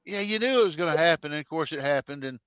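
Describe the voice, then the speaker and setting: A man co-hosting a casual movie review chat, answering briefly and trailing off with halting restarts. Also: fairly high pitch, expressive, fairly bright tone, clear, resonant tone, no echo, muffled recording. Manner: brief agreeing replies, trailing off. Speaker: co-host.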